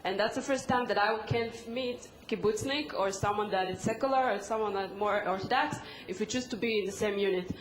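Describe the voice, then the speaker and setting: A woman with an Israeli accent, a native Hebrew speaker, answering as a panelist in halting English with repeated words. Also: medium pitch, a little hiss or hum. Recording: echoey conference hall.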